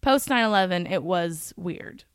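A woman's voice: on the low side, animated, a little slow, smooth, no room sound, clean studio sound. Candid laughing woman in her thirties. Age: 30s. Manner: candid, laughs often, swears freely. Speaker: comedian guest. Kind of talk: casual podcast chat.

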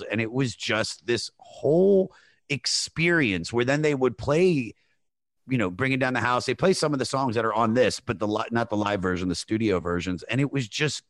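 A man's voice: medium pitch, a bit bright, no echo. A man telling a long story in casual podcast chat, rambling with many fillers. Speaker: podcast guest.

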